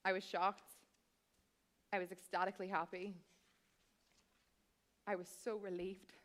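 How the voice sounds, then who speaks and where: A woman in her thirties tells a comic story from a theatre stage. Her voice sits at an ordinary mid pitch for a woman. She keeps it chatty and wry and speaks directly to the audience as she goes. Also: little pitch movement, measured pace, a bit bright. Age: 30s. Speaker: cabaret performer.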